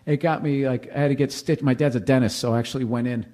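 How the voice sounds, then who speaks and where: A man's voice: medium pitch, fairly even intonation, fast, mellow. A man in his forties, a comedian telling rambling, profane, self-mocking stories in casual conversation. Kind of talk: conversational storytelling.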